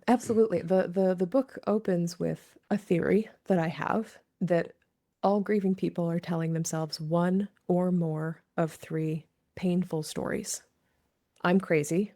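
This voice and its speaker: A woman's voice: on the low side, steady tone, normal speed, dark tone. A woman who works with grieving people, talking earnestly in an interview and explaining her ideas through quoted examples. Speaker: grief expert and author, guest. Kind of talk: conversational interview.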